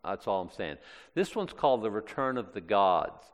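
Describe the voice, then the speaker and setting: Chatty low-voiced pastor in a reverberant hall. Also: male voice, sing-song, moderate pace. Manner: chatty, digressive, with frequent restarts and asides. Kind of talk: conversational Bible teaching.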